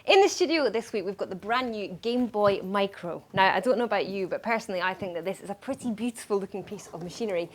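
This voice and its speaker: A woman's voice: medium pitch, animated. A woman co-hosting a TV gaming show, teasing her co-presenter in lighthearted studio banter. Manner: teasing and quick-witted.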